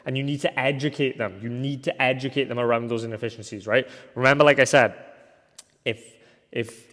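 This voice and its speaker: A man's voice: medium pitch, fairly even intonation, fairly quick, a bit bright. Young guy from wales doing a course lecture, chatty, says right? a lot, mid voice, echo trailing off in a big room. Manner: casual, ends points with a tag question, thinks aloud with fillers. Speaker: agency coach. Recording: long hall reverb.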